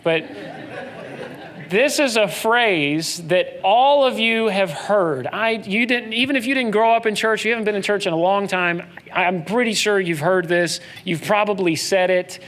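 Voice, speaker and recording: High-voiced preacher. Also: male voice, unhurried, fairly bright tone. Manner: conversational preaching, acts out quoted voices. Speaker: pastor. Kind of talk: sermon.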